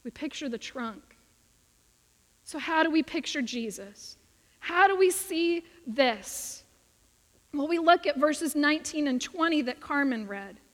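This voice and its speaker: A woman delivers a sermon in an earnest, emphatic way, her voice sitting high and moving at an unhurried pace. A long reverb trails behind her words, as in a church sanctuary. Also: animated. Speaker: preacher.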